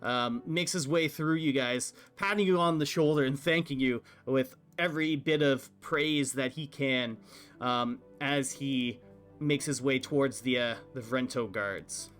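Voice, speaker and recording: A man narrating as game master of a tabletop game, halting with many fillers. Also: medium pitch, fairly bright tone, smooth, faint music behind.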